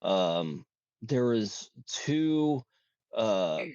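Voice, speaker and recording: A man's voice: lowish voice, sing-song, very slow, a little mellow, smooth, dry recording, muffled recording. A man from Florida co-hosting a casual opinion chat, emphatic and talking in bursts with restarts.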